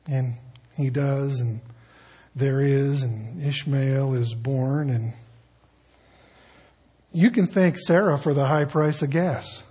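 A man's voice: mid-range voice, slow, long pauses, mellow, husky. A man preaching a casual sermon, telling stories and acting out the people in them. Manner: conversational storytelling, acting out quoted voices. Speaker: pastor.

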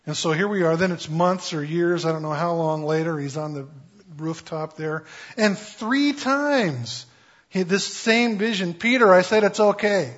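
A pastor delivers a conversational Bible-teaching sermon, casual and humorous and full of fillers. His voice is fairly high and his pace measured, and the recording is dull and lo-fi.

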